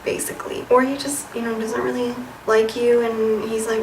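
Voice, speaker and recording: Young female vlogger, sassy and chatty, bright voice, recorded a bit far off in a roomy space. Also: on the high side, steady tone, normal speed, few pauses, noisy background. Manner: chatty, lots of "like" and "you know", sassy asides. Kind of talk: casual advice chat. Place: room with a white wall. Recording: echoey room, voice a bit off-mic.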